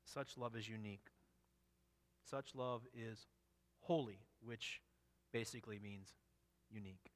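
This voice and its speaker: A man's voice: fairly low pitch, unhurried, pauses often, big-room sound. A man preaching an expository sermon, earnest and emphatic, often repeating and restarting phrases. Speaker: pastor.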